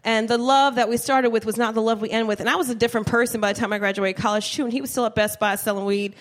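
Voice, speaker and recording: Woman in her 30s doing stand-up, kinda high voice, swears a lot, acts out the voices. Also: fairly even intonation, quick pace. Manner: profane, chatty, acts out voices. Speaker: stand-up comedian. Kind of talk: stand-up comedy set. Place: comedy club stage before live audience.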